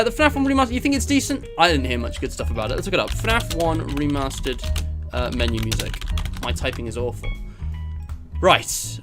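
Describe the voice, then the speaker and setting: A man from England chatting casually on a live stream, rambling with lots of fillers and self-deprecating asides. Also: medium pitch. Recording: music playing under the voice.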